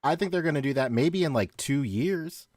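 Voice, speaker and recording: A man co-hosting a casual live-stream podcast, talking through his guesses in a relaxed way. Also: a little high, moderate pace, dry recording. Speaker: podcast co-host.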